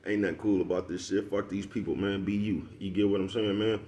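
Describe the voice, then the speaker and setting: This man's deep, dark voice stays steady and runs a little fast. As a vlogger, he chats casually with followers in loose street slang, laughing often and asking "you know what I'm talking about" over and over.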